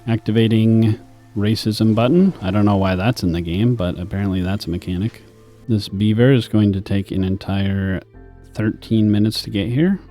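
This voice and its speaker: A young man talks his way through a city-building game in a dry, deadpan ramble full of self-mocking asides. His voice sits a little low and sounds mellow and relaxed. Faint music plays behind him. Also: normal speed. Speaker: gaming streamer. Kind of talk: rambling gameplay commentary.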